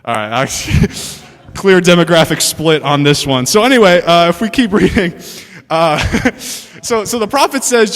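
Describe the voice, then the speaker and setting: Young male preacher, high bright voice, lively and chatty with the crowd; long hall reverb. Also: moderate pace, few pauses. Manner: animated, laughing asides, asks the room questions. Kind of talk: sermon. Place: church hall with an audience.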